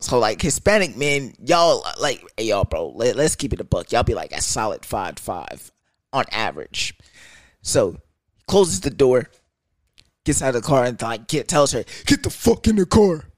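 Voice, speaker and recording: A young man telling a casual story in an animated, profane, rambling way. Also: medium pitch, normal speed, no room sound, studio quality.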